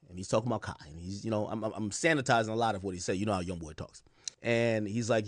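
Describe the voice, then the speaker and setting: A man casually telling a long story to his stream viewers, acting out quotes in a lower voice. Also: a little fast, no echo, clean studio sound. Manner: animated, recounts quotes in lower voice. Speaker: commentator.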